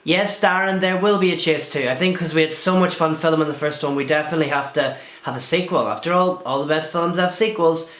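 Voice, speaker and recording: A man's voice: on the high side, brisk, a bit bright, roomy sound. A young man, chatting and swearing freely as he answers viewer questions in a casual vlog. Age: young adult. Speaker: video blogger.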